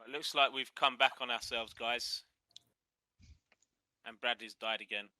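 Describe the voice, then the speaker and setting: Dude player asking quick stuff in a game session, plain dry mic. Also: male voice, medium pitch, fairly even intonation, pushed and bright, no echo. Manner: casual, asking short questions. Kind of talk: casual tabletop game chat.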